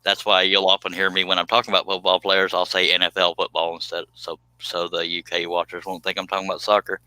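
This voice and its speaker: A man's voice: sits low, completely flat delivery, fast, sharp tone, clean tone, no room sound, low-quality recording. A man hosting a casual live stream, teasing his co-host and chuckling as he talks. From United States. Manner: joking, teasing, chuckles often.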